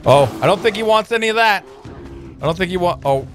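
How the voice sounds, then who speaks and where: Excitable man with a lively voice. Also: sits high, fairly quick, music in the background. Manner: excitable, exclaiming and joking at the game. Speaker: let's play host. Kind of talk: gameplay commentary.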